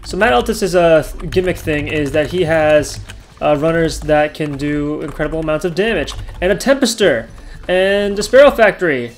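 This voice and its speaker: A man hosting his own gaming channel, talking through his play, yelling and laughing at close calls. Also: a little high, normal speed, a little hiss or hum. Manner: chatty, talks over his play. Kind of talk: gameplay commentary.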